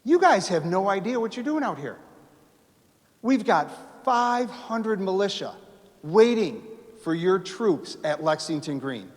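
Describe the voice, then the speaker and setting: Man voicing bold colonial rider, defiant, boastful, raised voice, a bit high, long hall echo. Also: animated, normal speed, hardly any pauses, natural voice. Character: defiant colonial rider taunting his captors. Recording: reverberant hall.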